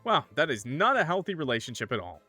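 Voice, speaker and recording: Man, gaming streamer, casual commentary, lively pitch, faint music behind. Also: fast talker, no echo. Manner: chatty, animated, thinks aloud. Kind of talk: casual let's-play commentary.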